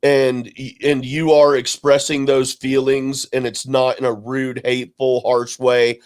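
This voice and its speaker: A man's voice: mid-range voice, flat delivery, a little slow, smooth. A man co-hosting a podcast in casual chat, blunt and swearing, often saying "dude" and repeating himself. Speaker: podcast co-host.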